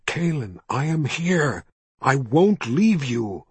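A man's voice: medium pitch, slow, breathy edge, no room sound, heavily acted. A man reading a desperate, pleading young man. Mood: calm, soothing. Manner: urgent shouting, then calm and reassuring. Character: desperate young man trying to save his friend. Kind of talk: audiobook reading.

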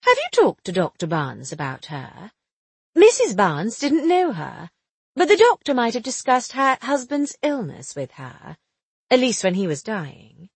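A woman voicing a lively, teasing young sleuth. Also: on the high side, a little slow, breathy edge, no echo, full character voice. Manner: bright, chatty, teasing. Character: quick-witted, cheerful young woman amateur sleuth. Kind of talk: audiobook dialogue reading.

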